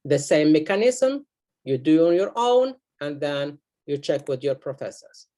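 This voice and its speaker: A man with a slightly high, mellow, sing-song voice teaches beginners to read Arabic letters and words in a little-slow lesson, sounding each one out and repeating it for the learners.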